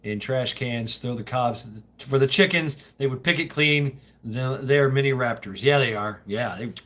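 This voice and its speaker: A man's voice: medium pitch, measured pace, fairly bright tone. A Southern man hosting a livestream, talking casually in a rambling, profane way with lots of laughter. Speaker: livestream host.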